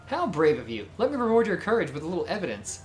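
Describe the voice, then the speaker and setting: Ein Mann spielt einen frechen Flirtvogel. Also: male voice, a little high, huge pitch swings, quick pace, soft background music. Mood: teasing. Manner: playful, teasing.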